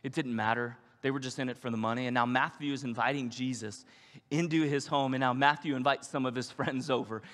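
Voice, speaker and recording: A man preaching a sermon as a pastor, animated and acting out the voices of the people he quotes. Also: medium pitch. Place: church sanctuary. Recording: long hall reverb.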